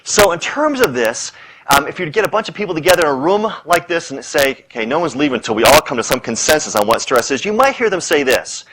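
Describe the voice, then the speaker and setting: A middle-aged man giving a public lecture on stress, an animated storyteller who rattles off punchy lists and playful asides. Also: on the high side, fast talker, noisy background. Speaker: speaker on stress. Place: lecture hall with audience.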